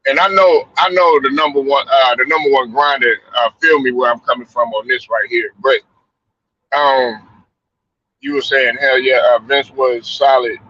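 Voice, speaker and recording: A man's voice: mid-range voice, steady tone, normal speed, sharp tone. A man hosting a casual sports chat show, rambling loosely and swearing freely. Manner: loose, profane, rambling storytelling. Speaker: podcast host. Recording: dull lo-fi stream audio.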